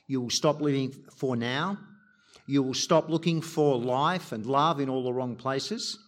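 A man's voice: mid-range voice, a little slow. A man preaching a sermon, appealing directly and earnestly to his listeners.

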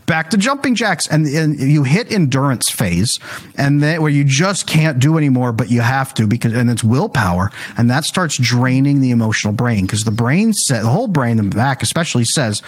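A man's voice: medium pitch, moderate pace, breathy edge. A man, a coach, explaining his method in a casual conversation, acting out the people he quotes. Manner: animated storytelling, acts out quoted voices.

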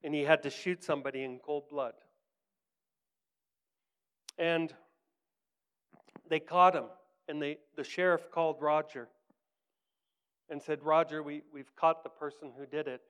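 Earnest man preaching, smooth voice. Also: on the high side, fairly even intonation, a little slow, long pauses. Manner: earnest, drops to soft hushed tones in quoted lines, rises for emphasis. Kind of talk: sermon storytelling.

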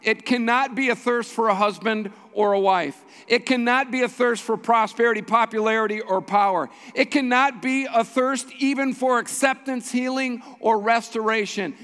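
A man with a high-pitched voice preaching a sermon in a church. He is a pastor who drives his points home by repeating short phrases with emphasis. His voice rings out with a long reverb off the hall. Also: steady tone, moderate pace, few pauses, a bit bright, smooth. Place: church sanctuary.

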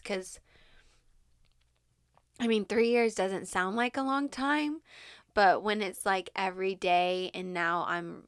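Young woman, podcast co-host, smooth voice, dry close sound, candid and emotional. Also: on the low side, dry recording. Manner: emotional, laughs often, animated when retelling. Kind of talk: candid conversation.

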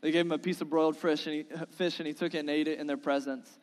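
Guy preaching in church, earnest and pleading, kinda high voice, big echoey hall reverb. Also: flat delivery, fast, darkish tone. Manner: earnest, building to impassioned pleading. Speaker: pastor. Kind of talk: sermon with scripture reading. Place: church sanctuary.

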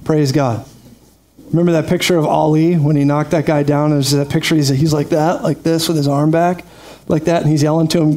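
A man preaching a lively sermon, energetic and quick to laugh, calling out praise to his congregation. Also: fairly high pitch, slight background noise. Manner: energetic, laughs often, calls out "praise God". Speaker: pastor.

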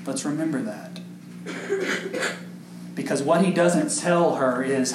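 Male pastor, high voice, emphatic sermon delivery, echoey sanctuary with faint hiss. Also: a little slow, long pauses, a little mellow. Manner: preaching with emphatic rises and questions to the congregation. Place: church sanctuary. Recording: echoey church room with faint background noise.

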